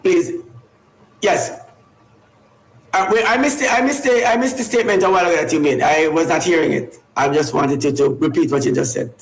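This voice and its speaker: A man with a somewhat high voice co-hosts a morning radio show in casual chat. He talks haltingly, stumbling and repeating words. The sound is echoey, like a bare studio.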